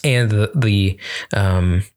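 A man's voice: fairly low pitch, extremely slow, a little mellow, smooth. A young man giving an earnest, conversational Bible teaching on prayer, with many fillers and restarts. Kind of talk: casual teaching talk on prayer.

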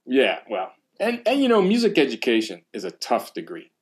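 A man's voice: mid-range voice, wildly swooping pitch, normal speed. Laid-back man telling stories. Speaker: percussion teacher. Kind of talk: casual podcast chat.

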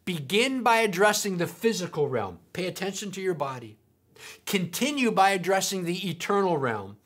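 A woman preaching a sermon, emphatic, repeating key points slowly. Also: lowish voice, very animated, breathy edge.

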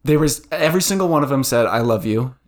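A woman co-hosting a casual chat podcast, talking in a relaxed, loose way with lots of fillers and trailing sentences. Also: a bass voice, quick pace. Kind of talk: casual chat recapping a reality show.

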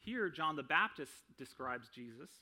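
A young male preacher delivers a sermon conversationally, often checking in with "right?" and adding self-deprecating humor. His mid-range voice is expressive, bright, and forceful at a normal speed.

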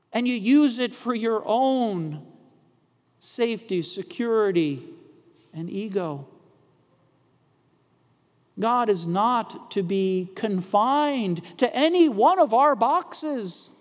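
High-voiced pastor preaching slowly. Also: male voice, long reverb tail. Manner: slow, deliberate preaching with rhetorical questions. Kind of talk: sermon.

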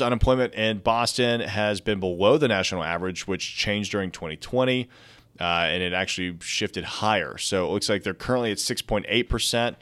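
A man's voice: deep voice, a bit bright, clear, resonant tone. Casual young man with twang. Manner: reads articles aloud with chatty asides. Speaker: podcast host. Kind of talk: casual market news commentary.

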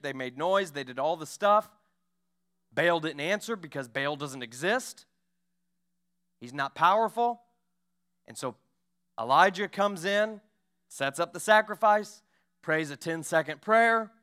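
A male pastor preaching a sermon, retelling Bible stories with lively acted-out voices. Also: fairly high pitch, clear, resonant tone. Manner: storytelling preacher acting out Bible scenes. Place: church.

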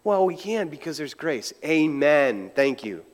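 Guy preaching in a church, chatty, keeps restarting, kinda high voice, big echoey hall. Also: sing-song, measured pace. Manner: conversational preaching with acted-out quotes and frequent restarts. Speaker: pastor. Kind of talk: sermon.

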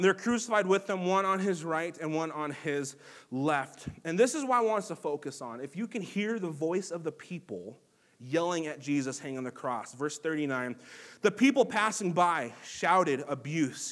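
Male pastor, high voice, earnest conversational sermon delivery with fillers and restarts. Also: expressive, normal speed, fairly bright tone. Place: church sanctuary.

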